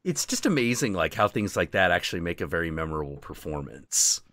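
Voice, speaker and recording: A man's voice: sits low, sing-song, fairly quick, bright, forceful tone, no echo. A man hosting a stream, chatting casually in a loose, profane way with lots of fillers. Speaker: stream host. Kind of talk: casual chat.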